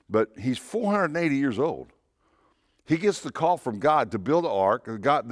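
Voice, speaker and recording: A man's voice: mid-range voice, dry recording, studio quality. A man, a pastor, preaching a conversational sermon in church, repeating phrases and asking rhetorical questions.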